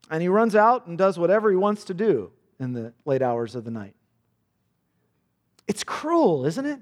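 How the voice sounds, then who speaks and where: A man's voice: sits high, sing-song, normal speed. A man preaching a sermon, earnest and intense, repeating words as he builds each point. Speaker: pastor. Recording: long hall reverb.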